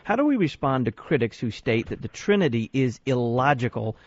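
A man hosting a radio talk show, putting listener questions to his guest and reading announcements in a crisp, deliberate broadcast manner. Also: mid-range voice, sing-song, lo-fi sound.

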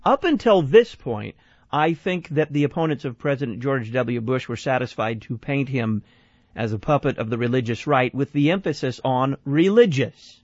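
Animated radio talk host. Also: male voice, medium pitch, normal speed, no room sound. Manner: animated, questioning, repeats phone number. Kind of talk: call-in radio commentary. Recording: dry, slightly dull studio sound.

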